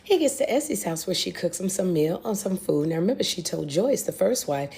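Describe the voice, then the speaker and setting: A young American woman recapping a TV series in a casual, animated way, with exclamations and blunt asides. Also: lowish voice, a little fast, gravelly. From United States. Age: young adult. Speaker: reaction video host.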